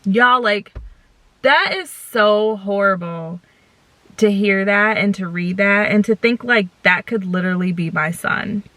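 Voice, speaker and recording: Bright-voiced woman vlogging from her car. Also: medium pitch, unhurried. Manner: earnest, heartfelt, talks directly to viewers. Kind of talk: casual chat to camera. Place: parked car.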